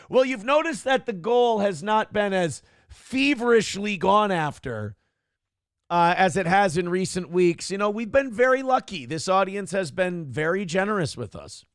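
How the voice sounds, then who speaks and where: A man's voice: sits high, lively intonation, normal speed, dry recording, studio quality. A male talk show host in casual live-stream chat, profane and joking as he reads out viewer comments.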